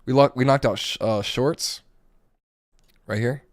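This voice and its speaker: A man with a hoarse, gravelly voice giving casual live commentary while day trading, thinking aloud over his charts. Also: mid-range voice, steady tone, measured pace, dry recording, clean studio sound. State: hoarse, voice going.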